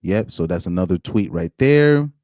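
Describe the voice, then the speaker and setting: A man's voice: low voice, lively intonation, moderate pace, darkish tone, no echo, studio quality. A young adult man doing casual reaction commentary, reading posts aloud with incredulous asides and trailing restarts. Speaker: commentary streamer.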